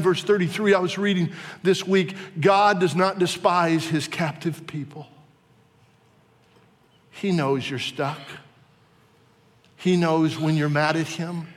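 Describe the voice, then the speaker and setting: Pastor in a reverberant hall. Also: male voice, a little high. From Virginia, USA. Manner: personal testimony, swinging from hushed to impassioned. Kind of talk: sermon.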